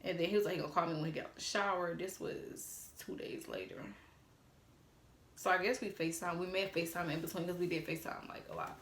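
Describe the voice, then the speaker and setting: A woman telling a casual storytime on her phone, animated and swearing freely as she quotes text messages aloud. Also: lowish voice, quick pace, creaky, echoey room, slight background noise. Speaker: vlogger.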